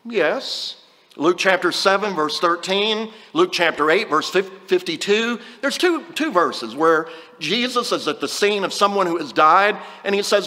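A man delivers a sermon in an easygoing, conversational way, reading scripture aloud between plain remarks. His voice sits high for a man and sounds bright and clear. A long reverb trails his words, as in a large hall. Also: big pitch swings, a little slow. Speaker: preacher.

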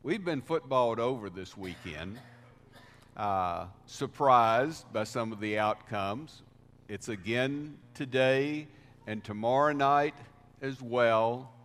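Man, pastor, slow deliberate sermon, emphatic swells, long church reverb. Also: medium pitch, a bit bright, soft background music. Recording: reverberant hall sound.

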